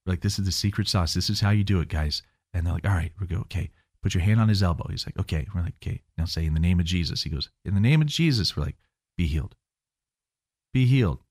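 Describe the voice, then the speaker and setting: A man's voice: low-pitched, racing. A man, a guest minister, telling a story in casual chat and acting out the voices of the people in it. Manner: animated, acts out quoted voices.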